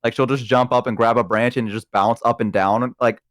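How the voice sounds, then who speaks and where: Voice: medium pitch, steady tone, a little fast, dry recording, studio quality. A streamer chatting casually on a stream, telling a story animatedly and acting out voices. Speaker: streamer guest.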